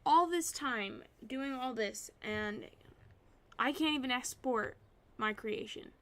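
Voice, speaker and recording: A young woman streaming live, chatting to herself as she works, frustrated with her software. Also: fairly high pitch, slow. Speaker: art streamer.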